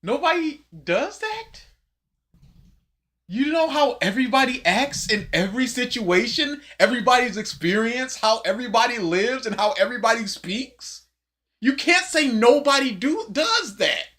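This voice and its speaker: Casting: bright, animated voice, indignant co-host ranting on a reaction stream. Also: medium pitch, normal speed. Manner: indignant, argumentative.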